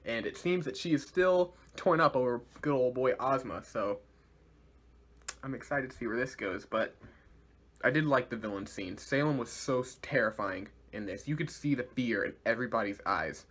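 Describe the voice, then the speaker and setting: Animated, slangy male show reviewer. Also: medium pitch, normal speed. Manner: animated, slangy, laughs often. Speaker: series reviewer. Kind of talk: casual video review.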